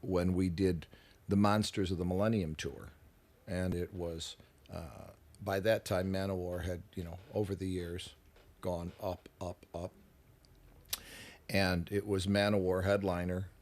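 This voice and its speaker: Deep-voiced profane rock musician. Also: male voice, unhurried. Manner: animated, profane, acts out quoted voices. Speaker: interview guest, rock musician. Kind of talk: casual radio interview storytelling. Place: radio studio.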